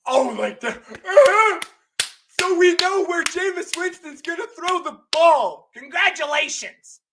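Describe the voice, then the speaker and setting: A young man hosting a live sports stream, ranting loudly and profanely and often shouting. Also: very high-pitched, lively intonation, slow pace, noisy background. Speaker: host.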